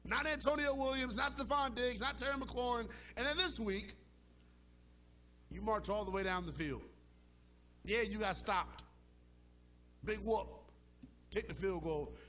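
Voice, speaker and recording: A man's voice: high-pitched, unhurried, pauses often, sharp tone. A man hosting a sports talk show, arguing with emphatic, impassioned delivery and casual slang. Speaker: sports radio host.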